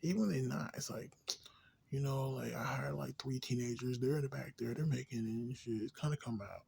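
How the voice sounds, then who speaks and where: A man ranting in a rambling, profane, casual way, drifting between low mutters and louder outbursts. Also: a little fast, creaky, husky. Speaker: vlogger.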